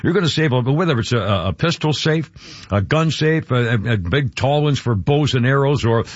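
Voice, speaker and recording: A man's voice: medium pitch, lively intonation, normal speed, no echo. An older man hosting talk radio, rambling through commentary and a live ad read with many fillers and restarts. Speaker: radio talk show host. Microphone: studio microphone. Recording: dull studio radio sound.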